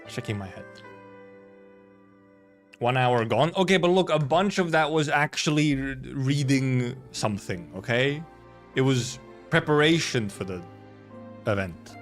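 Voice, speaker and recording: A man's voice: medium pitch, lively intonation, a little slow, long pauses, soft background music. A man streaming a live read-through of a game story, reading the lines plainly and breaking off for wry, chatty asides. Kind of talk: casual live reading with commentary.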